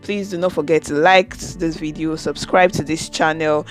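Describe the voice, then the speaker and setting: A woman's voice: sits low, moderate pace, faint music behind. A woman recapping an episode in a casual reaction video, talking straight to her viewers and acting out the characters' lines as she goes. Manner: chatty, keeps addressing the viewers as guys; retells scenes with lively quoted dialogue. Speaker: video reviewer.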